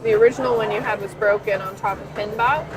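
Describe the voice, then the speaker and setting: A woman's voice: medium pitch, steady tone, fast talker, background noise. A woman co-hosting a casual live stream from an arcade, chatty and rambling, often trailing off mid-sentence. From Canada. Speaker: arcade co-owner and stream co-host.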